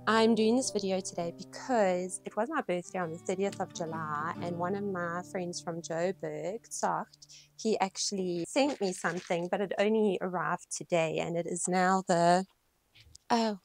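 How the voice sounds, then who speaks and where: A woman vlogging casually from her small home dance studio, excitable and gushing as she talks to the camera. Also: fairly low pitch. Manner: excitable, gushing, breathless with delight. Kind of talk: casual vlog unboxing.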